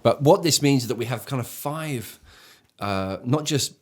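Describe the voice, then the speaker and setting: A man's voice: medium pitch, lively intonation, normal speed, a little mellow. An English church leader co-hosting a casual talk show, speaking enthusiastically and often restarting his sentences. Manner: enthusiastic, searching for words with frequent restarts.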